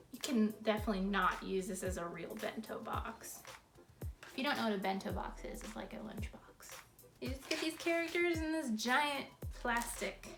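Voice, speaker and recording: A woman's voice: on the high side, moderate pace, reverberant, music in the background. A young woman vlogger unboxing toys, gushing and giggling and cooing over each one. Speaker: YouTube vlogger. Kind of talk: toy unboxing vlog.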